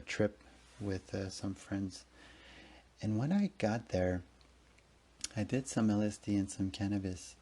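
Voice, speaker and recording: A man's voice: on the low side, mellow. A man hosting a podcast, telling a rambling, earnest personal story full of emotion and casual swearing. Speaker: podcast host.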